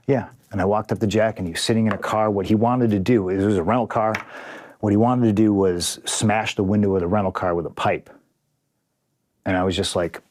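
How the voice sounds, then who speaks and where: Low-voiced man telling a blunt backstage story. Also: fairly even intonation, brisk, darkish tone, no echo, clean studio sound. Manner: rambling, profane, restarts often, quotes others in dialogue. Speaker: interview guest, wrestler. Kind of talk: candid interview storytelling.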